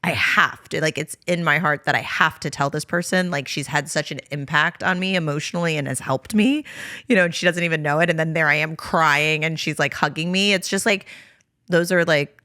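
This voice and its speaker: A woman's voice: low voice, fairly quick, sharp tone, no echo, clean studio sound. A young woman co-hosting a podcast in casual chat, rambling with lots of "like" and "you know". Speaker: podcast co-host.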